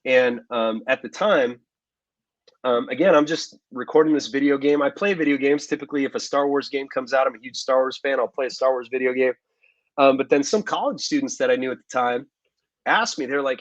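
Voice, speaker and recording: A man, an actor as interview guest, telling stories in a relaxed way with many fillers and asides. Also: mid-range voice, a little fast, dry recording, highs cut off. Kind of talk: casual interview storytelling.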